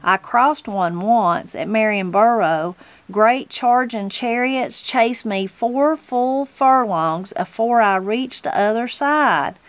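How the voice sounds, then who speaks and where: A woman's voice: on the high side, takes it slowly, no echo. A woman voicing a bashful, very old mountain man. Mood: skittish. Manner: folksy, skittish.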